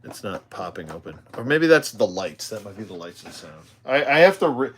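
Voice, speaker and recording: A man's voice: on the low side, very animated, brisk, a little hiss or hum. Man, tired and yawning, rambling casual unboxing talk, faint packaging crinkles behind. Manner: rambling, self-deprecating, chatty asides. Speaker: toy collector unboxing live. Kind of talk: casual live unboxing chat.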